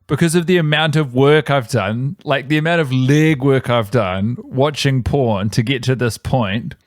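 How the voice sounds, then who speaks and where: A man's voice: medium pitch, unhurried, no echo, studio quality. Chatty New man, rambling. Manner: rambling, self-correcting, animated storytelling. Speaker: podcast co-host. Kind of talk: casual chat.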